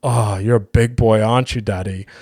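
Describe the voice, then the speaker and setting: A man's voice: on the low side, fairly even intonation, moderate pace, a little mellow, no room sound, clean studio sound. A man putting on a flirty, sultry teasing voice. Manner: exaggerated, breathy, camp teasing.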